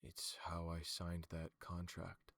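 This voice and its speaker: Man voicing a grim herald, terse, flat, slow, gravelly. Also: low-pitched, dry recording, clean studio sound, heavily acted. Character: grim male herald confessing a dark pact.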